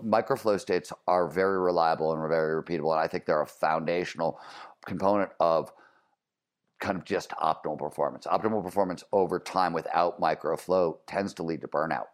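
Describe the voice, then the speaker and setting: A man hosting a podcast who explains ideas in a thoughtful, relaxed way and puts questions to his guests. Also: sits low. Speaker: podcast host. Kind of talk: casual conversation and interview questions.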